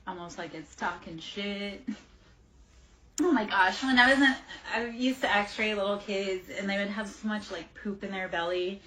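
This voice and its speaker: Against background noise, a woman in her forties leads a tarot livestream at a moderate pace, her voice mid-range. She's chatty and rambling, slipping into tangents while handling viewer messages.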